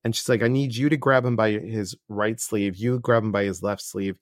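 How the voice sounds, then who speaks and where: A middle-aged man with a fairly low voice hosts a podcast chat. He talks earnestly and acts out other people's lines as he tells his stories. The sound is dry and close. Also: fairly even intonation, moderate pace, no room sound. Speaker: podcast host and life coach. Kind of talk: casual interview chat.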